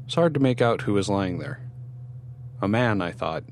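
A man reading a first-person horror story in measured scripted narration. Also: fairly low pitch, expressive, a little hiss or hum.

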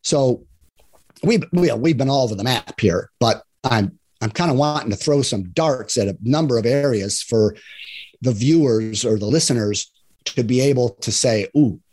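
At medium pitch and normal speed, in a slightly mellow voice, a divorce and love coach talks earnestly on a laid-back podcast. He lays things out clearly, imitates other people in his examples, and sprinkles in plenty of "right?" tag questions.

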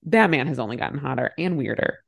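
Gravelly, lively woman co-host. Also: a bass voice, fast talker. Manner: animated, swears, laughs often. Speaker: podcast co-host. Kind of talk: casual chat about movies.

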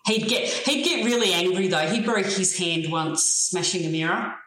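A middle-aged Australian woman, a guest telling her own story in a frank, plain-spoken and steady way. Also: on the low side, moderate pace. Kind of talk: personal story in a conversation. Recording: roomy echo.

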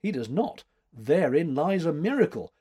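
A man reading aloud, voicing an old, stately woman painter with a crisp, dryly teasing manner. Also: on the high side, sing-song, normal speed, warm tone, voice pushed up. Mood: wry.

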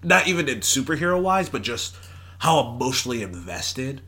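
A young man chatting casually as a podcast co-host. He keeps things playful and jokey. His voice is bright, and his pitch moves up and down freely. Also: sing-song, fairly quick. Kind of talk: casual chat.

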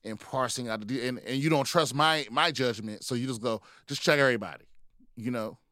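A man's voice: mid-range voice, brisk, bright, forceful tone, no echo, studio quality. Profane, rambling man in casual chat. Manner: rambling, profane storytelling with many restarts. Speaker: podcast co-host.

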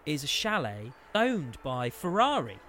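A man co-hosting a podcast from a studio, telling stories with a bouncy, sing-song delivery that climbs high whenever he gets worked up. His voice sits a touch high for a man, with faint noise in the background. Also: measured pace. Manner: lively, excitable storyteller. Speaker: podcast co-host. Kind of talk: animated anecdote telling.

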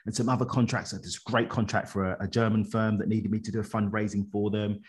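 A man, a podcast guest telling a personal story in an animated, colloquial way, chuckling often. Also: lowish voice, quick pace.

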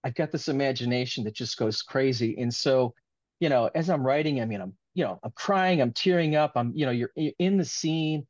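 A man's voice: mid-range voice, a little fast, darkish tone, no echo, muffled recording. A man being interviewed as an author, talking in an earnest, rambling, heartfelt way in casual conversation.

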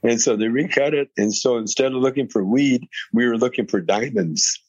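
A man's voice: medium pitch, normal speed, darkish tone, slightly rough, dull audio. A man in his eighties from Canada, telling rambling, laughing stories as a guest on an interview show. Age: 80s. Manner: rambling, laughing, with many restarts. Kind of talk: casual storytelling interview.

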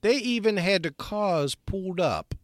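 Male podcast co-host, crude joking storyteller, higher register, lively, dry close mic. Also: unhurried, no room sound. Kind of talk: casual chat, storytelling.

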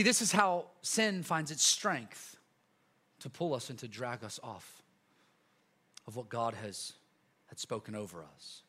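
A male pastor preaching a casual, energetic sermon to a church congregation, full of slang, repeats and asides. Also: medium pitch. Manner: lively, chatty preaching with slang and repetitions. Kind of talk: sermon with a live illustration.

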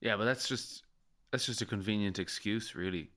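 Low bright-toned man telling stories. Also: moderate pace. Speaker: podcast co-host. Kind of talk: casual chat.

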